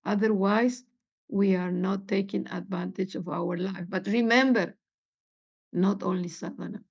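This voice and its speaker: A woman giving a meditation lesson, halting and searching for words with many fillers. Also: mid-range voice, steady tone, creaky, slightly rough. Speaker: spiritual teacher. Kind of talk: meditation teaching talk. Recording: dull lo-fi recording.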